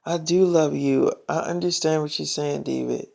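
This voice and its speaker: A man voicing a young woman, a lovesick girlfriend who pleads softly and keeps saying her partner's name. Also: on the high side, fairly even intonation, moderate pace, vocal fry. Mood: pleading. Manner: soft, pleading, repeats his name.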